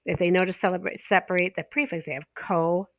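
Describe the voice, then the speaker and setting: An ESL teacher trainer's online pronunciation lesson: she lays out each point in order, checks in with frequent "okay?", and slows down to stretch example words. Her voice is lowish and creaky with fairly even intonation, and the recording is dry.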